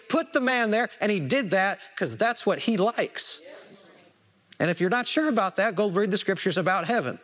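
A man's voice: high-pitched, a bit bright. A man preaching a sermon, repeating words for emphasis and asking the congregation questions. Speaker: pastor.

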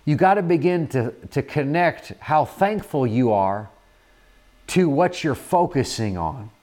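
A man preaching a sermon in an earnest manner, often repeating words and filling pauses with "uh". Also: fairly high pitch, expressive, darkish tone.

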